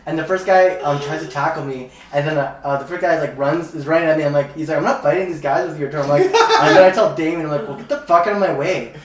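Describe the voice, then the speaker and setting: A man's voice: fairly high pitch, fast, few pauses, a little hiss or hum. A young man, a comedian co-hosting a podcast, telling a rowdy, profane story and laughing along as he goes. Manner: rowdy, swearing, laughs while telling stories. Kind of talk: casual storytelling. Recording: roomy sound, distant from mic.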